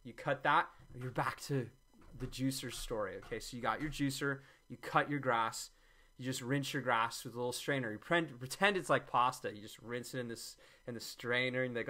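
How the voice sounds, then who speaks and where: A vlogger demonstrates a homemade juice recipe, his mid-range voice moving at normal speed with a sharp tone. He rambles and cracks jokes throughout, often walking them back with "I'm kidding."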